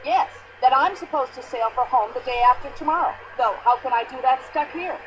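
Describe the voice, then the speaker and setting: Actress as a shrill, pushy American widow. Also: female voice, brisk, dull audio, a little hiss or hum, close to an everyday voice. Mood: indignant. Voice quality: shrill, complaining, long-winded.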